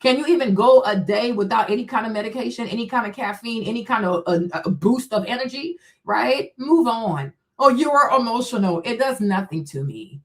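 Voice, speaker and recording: High-voiced woman ranting on a stream. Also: lively intonation, fairly quick, hardly any pauses. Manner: confrontational, mocking, profane; rhetorical questions, answers herself. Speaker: streamer host. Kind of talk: live-stream rant answering chat.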